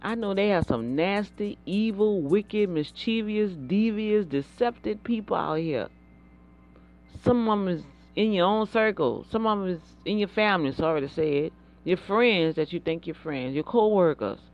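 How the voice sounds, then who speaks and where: A woman giving a fervent, preacherly faith talk, repeating words and breaking into bursts of excitement. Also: medium pitch, normal speed, lo-fi sound. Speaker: inspirational speaker.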